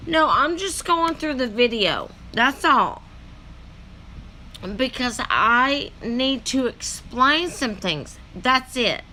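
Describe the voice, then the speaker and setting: Slow, lively-voiced woman rambling. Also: sits high, slight background noise. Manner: rambling, with many fillers. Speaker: reaction video host. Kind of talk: casual reaction commentary.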